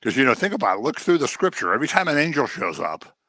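Lively, bright-voiced man preaching. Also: medium pitch, fast talker. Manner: animated, acts out quoted voices. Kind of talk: sermon.

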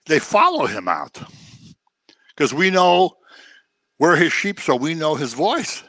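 A man preaching a sermon in an animated way, acting out the voices he quotes. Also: fairly high pitch, slow, dry recording.

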